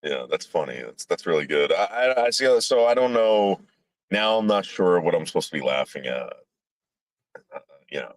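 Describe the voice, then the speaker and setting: A man with a low voice hosts a laid-back livestream chat. He rambles through hedges and restarts, swears without a second thought, and his pitch rises and falls a lot. The sound is dry and close. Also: sing-song, normal speed, dry recording. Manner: rambling, hedging with fillers and restarts; blunt, swears casually. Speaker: podcast host.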